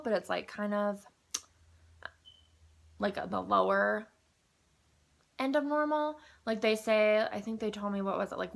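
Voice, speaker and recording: A young woman vlogging a casual personal update, chatty and excitable, with lots of ums and likes, a little groggy. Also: mid-range voice, vocal fry. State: groggy after anesthesia.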